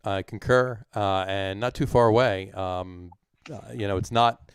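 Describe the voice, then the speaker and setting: New guy hosting a chat show, lowish voice, jokey and rambly, dry close sound. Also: measured pace, smooth, no echo. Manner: jokey, rambling with many fillers. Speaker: podcast host. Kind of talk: casual chat.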